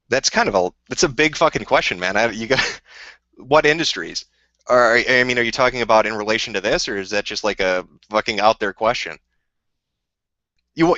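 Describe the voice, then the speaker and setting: A man's voice: mid-range voice, pushed and bright, no room sound, lo-fi sound. A man hosting a livestream, ranting heatedly and swearing constantly while answering chat questions. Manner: profane, combative, heated. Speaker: livestream host.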